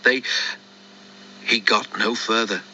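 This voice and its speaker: A man narrating a children's storybook in a lively, expressive read-aloud, on a dull lo-fi recording. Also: medium pitch, unhurried. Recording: dull lo-fi recording with faint noise.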